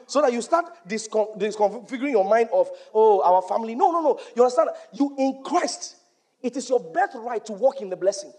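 A man delivers a church sermon in a high, husky voice. He preaches with emphasis and climbs into shouts on key points, and he quotes scripture in old-fashioned wording.

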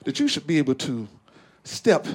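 A man from Arkansas with a Southern accent, doing a profane, animated stand-up set on stage in front of a live audience. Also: moderate pace, slightly rough. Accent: Southern American. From Arkansas, USA. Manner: animated, profane storytelling with big pitch swings into voiced characters. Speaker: stand-up comedian. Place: large live comedy venue with laughing audience. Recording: live crowd laughter and noise.

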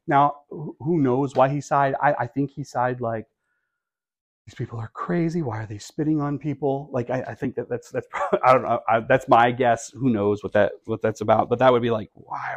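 A man's voice: medium pitch, vocal fry. A man preaching a sermon in a conversational way, with wry asides and rhetorical questions to the congregation. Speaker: pastor.

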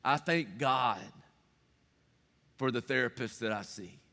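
A middle-aged man preaches from the pulpit. His voice sits at an ordinary pitch for a man, and he talks in an earnest, confiding way, stacking up repeated phrases for emphasis. A long hall reverb trails behind every word. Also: slow pace, bright, forceful tone. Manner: earnest and personal, builds to rising emphatic repetition. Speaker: pastor. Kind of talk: sermon. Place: church sanctuary.

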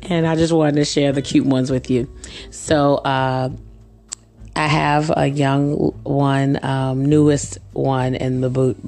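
Low-voiced chatty woman, a bit hoarse. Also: level tone, slow pace, a little mellow. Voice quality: slightly rough voice. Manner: chatty, laughs often, acts out children's squeaky voices. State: hoarse from allergies. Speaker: podcast host. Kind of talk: casual storytelling monologue.

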